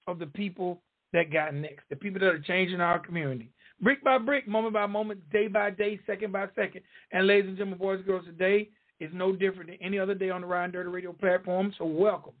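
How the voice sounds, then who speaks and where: A man's voice: sits high, narrow, tinny audio. A man with a Southern drawl hosting a radio interview show, talking in emphatic, repetitive promo patter. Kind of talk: hyped-up podcast interview hosting.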